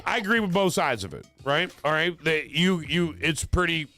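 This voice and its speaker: A man's voice: fairly high pitch, expressive, normal speed, sharp tone, faint music behind. A man co-hosting a radio show in casual chat, rambling and restarting his sentences as he makes his point. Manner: rambling, self-interrupting, emphatic.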